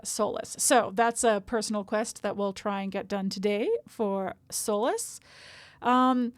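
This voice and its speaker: A woman's voice: medium pitch, fairly even intonation, a little slow, dry recording. A woman streamer chatting casually over a game, rambling and self-deprecating, with lots of fillers.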